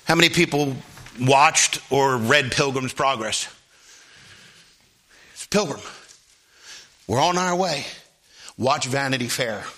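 A male pastor delivering a sermon, swinging between quiet low asides and high, shouted exclamations. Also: slow pace, pauses often. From Philadelphia area.

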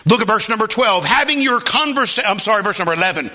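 A male pastor delivering a sermon, swinging between quiet low asides and high, shouted exclamations. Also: animated, fast talker, hardly any pauses. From Philadelphia area.

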